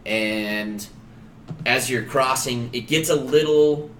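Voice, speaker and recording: A man's voice: medium pitch, slow, a bit bright. Laid-back male game master in a roomy space. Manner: laid-back, swears casually, thanks chat subscribers. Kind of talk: casual tabletop game narration. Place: home streaming room. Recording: roomy echo with faint ambient noise.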